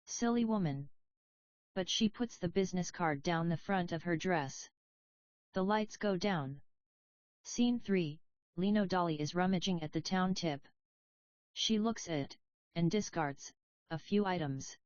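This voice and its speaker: A woman reading a play aloud as an audiobook, giving the stage directions in a plain, even way. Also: lowish voice, a little slow, dry recording, highs cut off. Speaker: audiobook reader. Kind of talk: scripted narration of a play.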